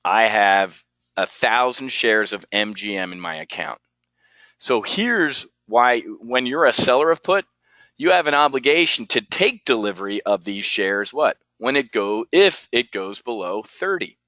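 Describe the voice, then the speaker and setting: A man's voice: mid-range voice, expressive, unhurried, pushed and bright, dry recording, muffled recording. A man teaching options trading on a live webinar, asking rhetorical questions and calling on viewers by name.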